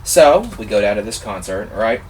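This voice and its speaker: Lowish-voiced guy gushing through a story time vlog, mic kinda far, faint hiss behind. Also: normal speed. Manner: excitable, animated storytelling with fan-like gushing. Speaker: vlogger telling a personal story.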